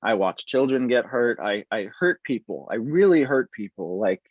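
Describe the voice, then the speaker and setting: A male military veteran speaks as an interview guest, reflective and halting, often restarting his sentences. His middle-pitched voice comes through a video call with dry, slightly dull sound. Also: lively intonation, dry recording. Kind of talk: earnest conversational interview.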